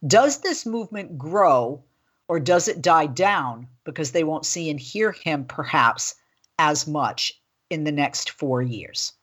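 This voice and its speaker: A woman in her forties hosts a political talk radio show, chatty and animated as she tells stories. Her voice sits a little low. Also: takes it slowly, slightly rough.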